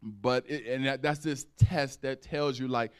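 Smooth-voiced man preaching conversationally. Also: medium pitch, steady tone, measured pace. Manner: conversational preaching with call-outs to the congregation; acts out dialogue in raised voices. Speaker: pastor. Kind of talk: sermon.

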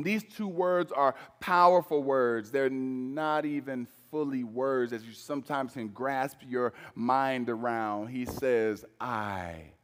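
A man preaching a sermon, moving between emphatic loud passages and hushed, low-voiced lines. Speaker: pastor. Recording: long reverb of a large hall.

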